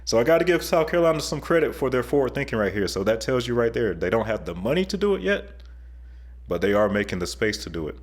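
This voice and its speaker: A man's voice: mid-range voice, sing-song, quick pace. A man hosting an online video, giving chatty, enthusiastic, joking commentary over video clips. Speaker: YouTube host.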